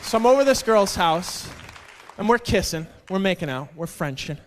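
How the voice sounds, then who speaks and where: A man doing a stand-up comedy set on a club stage, deadpan and self-deprecating, slipping into mock quotes. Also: sits high, normal speed, a faint crowd. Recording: club stage with long reverb, faint noise.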